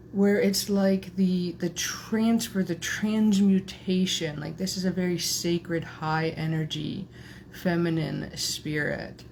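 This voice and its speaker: A woman energy healer leading a guided channeling session in soft, meandering spiritual phrasing. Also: lowish voice, a little hiss or hum.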